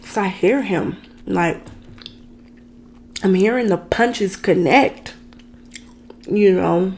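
A woman vlogger spins a dramatic personal story in a loose, ranting storytime style. She talks to her viewers directly, unhurried, and her voice has a gravelly fry to it. There is a faint noise in the background. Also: mid-range voice, a little mellow. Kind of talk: casual storytime rant.

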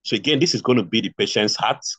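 A man's voice: on the low side, fast, fairly bright tone, husky, no echo. A man with a Nigerian accent teaching a nursing exam review class, repeating key points and asking rhetorical questions. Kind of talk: online lecture. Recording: dull lo-fi stream audio.

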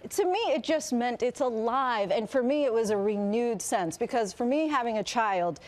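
A middle-aged woman, an author and news correspondent, talking in an earnest, gentle and reflective way in a morning TV studio interview. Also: a little high, animated, moderate pace. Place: TV studio with live audience.

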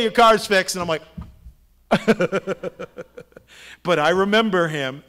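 A middle-aged pastor delivers a sermon in a fairly high male voice. He preaches like he is telling stories to friends and keeps tossing rhetorical questions at the congregation. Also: a bit bright. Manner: conversational storytelling with rhetorical questions. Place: church sanctuary.

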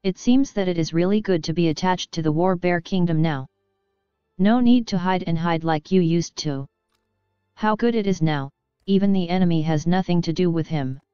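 A cruel male villain leader gloats and taunts his kneeling foes, voiced by a woman narrator. The voice sits low and very clear, dry and close, with a faint music bed under a dull, lo-fi sound. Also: moderate pace, warm tone, no room sound, close to an everyday voice. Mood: gloating. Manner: mocking, gloating.

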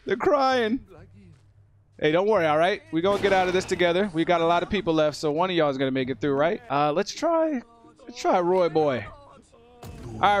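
A man hosting a gaming video, joking and talking to the characters as he plays. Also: a little high. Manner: excitable, joking, talks to the characters. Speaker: gaming channel host. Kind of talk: let's play commentary. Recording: game music underneath.

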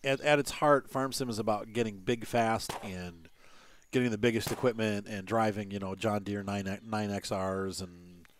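A man's voice: lowish voice, steady tone, moderate pace, a little hiss or hum. A man hosting a gaming channel, giving casual gameplay commentary in a rambling way, with many fillers and little chuckles. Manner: chuckles between remarks.

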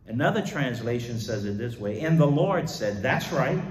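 Man preaching with swelling, lively emphasis. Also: medium pitch, measured pace, hardly any pauses, distant mic. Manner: emphatic preaching with sudden loud swells and quiet asides. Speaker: pastor. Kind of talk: sermon. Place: church sanctuary. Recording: echoey church hall.

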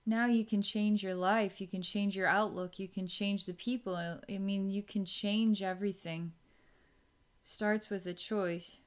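A woman giving a psychic healing session, musing slowly and trailing off with fillers. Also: mid-range voice, fairly even intonation, clear, resonant tone. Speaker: psychic energy healer.

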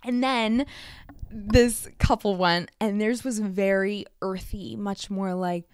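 A young woman hosting a solo podcast, talking fast and bubbly with frequent laughter. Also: medium pitch, fairly even intonation, a little mellow, clear, resonant tone, dry recording. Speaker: podcast host.

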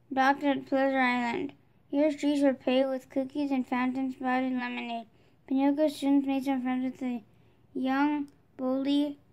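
High-voiced woman reading a storybook. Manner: steady reading with small restarts. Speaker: storybook reader. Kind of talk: children's storybook read-aloud.

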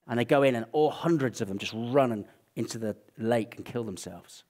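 A man with an English accent preaching a sermon, telling Bible stories with animated, acted-out energy. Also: medium pitch, brisk. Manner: animated storytelling, acting out scenes. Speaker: pastor.

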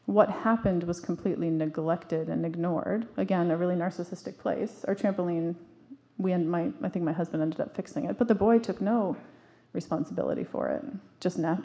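A woman's voice: fairly low pitch, normal speed, mellow. A woman in her forties giving an earnest, emphatic talk to an audience, telling stories from her own life with frequent restarts. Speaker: parenting speaker.

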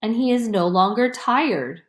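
A woman voicing an old, tired station master who speaks quietly and sorrowfully in a storybook reading. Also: fairly high pitch, lively intonation, measured pace, reverberant. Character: old, weary male station master, kindly.

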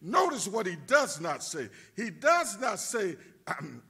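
A high-pitched, husky man preaches a sermon with a rhythmic cadence. His voice swings widely in pitch and rises to shouts at the peaks. The tone is bright and forceful. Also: huge pitch swings, takes it slowly. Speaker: pastor.

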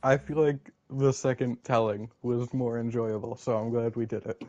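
A man's voice: medium pitch, level tone, moderate pace, lo-fi sound, background noise. A young man in casual gaming chat, rambling with lots of fillers and casual swearing. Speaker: co-player chatting.

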